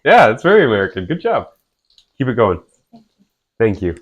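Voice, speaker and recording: A woman's voice: extremely low pitch, sing-song, fast talker, breathy edge, dull audio. A woman co-hosting a cooking stream, teasing and laughing in casual chat.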